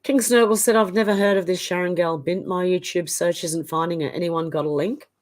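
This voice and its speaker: A middle-aged Australian woman hosts a live stream, reading viewer comments aloud and reacting chattily while she coughs, recovering from the flu. Her fairly low voice is steady and fairly quick.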